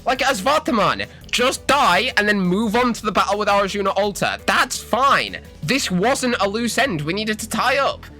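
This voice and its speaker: Loud, exasperated, swearing game streamer. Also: mid-range voice, very animated, moderate pace, hardly any pauses, faint music behind. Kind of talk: live gameplay commentary.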